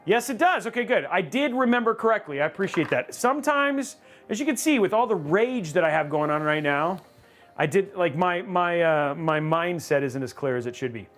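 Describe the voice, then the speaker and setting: Brief: high, lively male streamer, casual and excitable, mock-rage yelps, faint music underneath. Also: moderate pace. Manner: excitable, reads chat aloud, loud outbursts of mock rage. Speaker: livestream host building a gaming PC. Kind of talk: casual live-stream chat.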